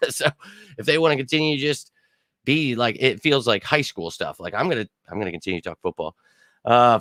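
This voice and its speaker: A man's voice: mid-range voice, a bit bright, dry recording, studio quality. A man hosting a casual live-stream football show, rambling and exasperated, full of fillers and asides. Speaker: sports podcast host.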